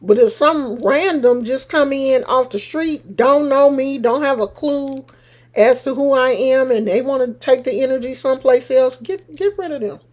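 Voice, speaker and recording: A woman live streaming and chatting casually with her viewers, teasing and sassy, breaking into loud laughs. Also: high voice, normal speed.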